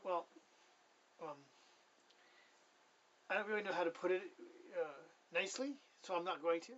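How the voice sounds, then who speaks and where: A man's voice: sits high, steady tone, normal speed, fairly bright tone, distant mic, dull audio. A man telling his personal testimony in a casual, rambling way. He corrects himself often and chuckles as he goes.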